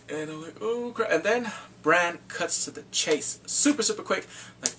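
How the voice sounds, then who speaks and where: A man giving an excitable, casual spoken review of a TV episode, swinging from mumbles to shouts. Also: on the high side, moderate pace, far from the mic, a little hiss or hum.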